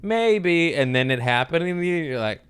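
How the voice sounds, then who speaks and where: A man's voice: mid-range voice, fast talker, fairly bright tone, clean tone, no room sound. A man hosting a comedy podcast, chatting casually and joking around. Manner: joking, rambling, throws in silly voices. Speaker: podcast host.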